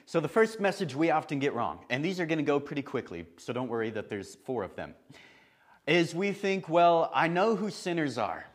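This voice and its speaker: Lively man preaching a sermon. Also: fairly high pitch, brisk. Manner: chatty and lively, with laughing asides. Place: church.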